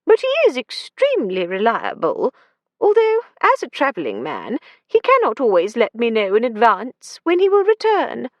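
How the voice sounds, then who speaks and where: A woman's voice: a little high, huge pitch swings, moderate pace, no room sound, pitched above the performer's own voice. A woman voicing a thin-voiced, genteel elderly landlady in an audiobook. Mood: prim. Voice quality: thin, prim.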